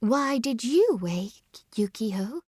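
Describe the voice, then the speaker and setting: A woman voicing a calm woman of a cave who speaks softly and hushed. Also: fairly high pitch, takes it slowly, slightly rough, no echo, clean studio sound, heavily acted. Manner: soft, hushed.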